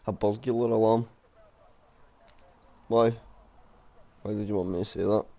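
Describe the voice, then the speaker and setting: A man's voice: fairly low pitch, fairly even intonation, takes it slowly, warm tone. A man, commentating a sim racing league stream in a casual, jokey way, reading out chat comments and calling the grid. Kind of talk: casual live race commentary.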